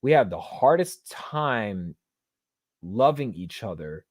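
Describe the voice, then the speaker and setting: A man hosting a solo podcast, talking earnestly and casually, often filling pauses with "you know what I'm saying.". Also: on the low side, big pitch swings, breathy edge, no echo, studio quality. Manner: earnest, conversational, full of fillers. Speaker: podcast host.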